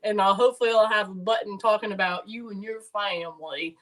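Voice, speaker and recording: A woman's voice: medium pitch, fairly even intonation, fairly quick, background noise. A woman co-hosting a sports betting show, chatting casually in a joking, rambling, self-deprecating way. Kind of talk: casual live sports chat.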